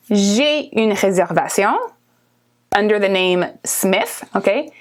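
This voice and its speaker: A woman with a Canadian accent teaching a language lesson, slowly repeating words and often checking in with "okay?". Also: mid-range voice, animated. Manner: slow, careful repetition of words, frequently asking "okay?". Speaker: French teacher.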